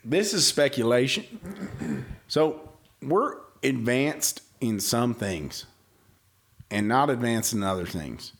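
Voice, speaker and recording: A man's voice: mid-range voice, lively intonation, vocal fry. A man co-hosting a casual podcast, unhurriedly spinning theories in easygoing, slangy talk. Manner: drawn-out, speculative storytelling with Southern slang. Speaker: podcast co-host. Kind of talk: casual chat.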